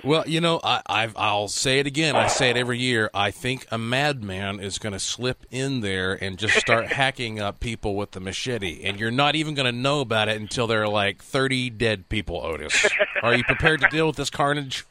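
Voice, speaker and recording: A man's voice: mid-range voice, normal speed, few pauses, noisy background. A man hosting a radio call-in interview, playful and theatrical in his questions. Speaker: radio show host.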